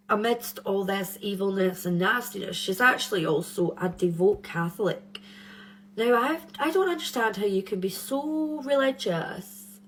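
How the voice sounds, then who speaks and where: A woman's voice: mid-range voice, a little hiss or hum. A young woman hosting a true crime channel, telling the story in a chatty, rambling way with nervous giggles. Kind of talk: casual true crime chat.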